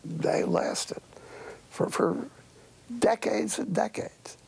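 A man's voice: sits high, very slow, gravelly, a little mellow, husky, whispered, low-quality recording. An older man, a priest, giving a sermon-like talk with folksy, wry storytelling.

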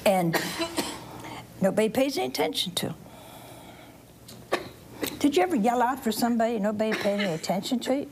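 A woman preaching to children and families, animated and quizzing her listeners, and dropping to a whisper for asides. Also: a little high, brisk, pauses often, slight background noise. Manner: animated, quizzing the audience with questions.

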